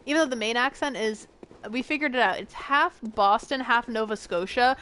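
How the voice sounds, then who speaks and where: Fast-talking chatty woman streamer. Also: on the high side, animated, a bit bright. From northern United States. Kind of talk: casual chat while playing a game.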